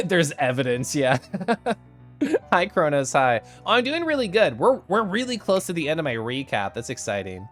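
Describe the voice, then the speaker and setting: A man's voice: fairly high pitch, huge pitch swings, normal speed, fairly bright tone, soft background music. A young adult man streaming, chatting casually with viewers and laughing often as he recaps a convention.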